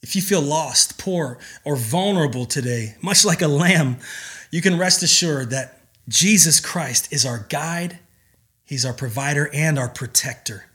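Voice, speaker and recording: Male pastor, slightly high, bright voice; earnest emphatic sermon delivery with pauses.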